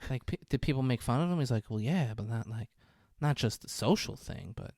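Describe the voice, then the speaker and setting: A man of middle pitch, casually recapping a film for his co-host. He jumps in and out of the characters' voices and laughs as he goes. The recording is dry and close. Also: fairly quick, no echo. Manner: animated, acts out characters' lines with laughter. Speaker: podcast co-host. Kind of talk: casual chat retelling a film scene.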